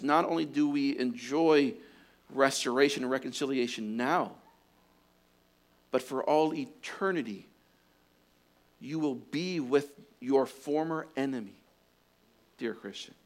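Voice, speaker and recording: A man preaching a sermon. He builds to loud, fervent exhortation and then drops to a hushed closing prayer. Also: medium pitch, a little slow, long pauses. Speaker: pastor.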